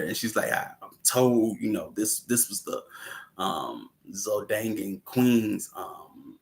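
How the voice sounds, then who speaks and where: A man's voice: medium pitch, a bit bright. A man hosting a casual movie commentary, rambling and often chuckling and asking "you know what I'm saying". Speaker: host.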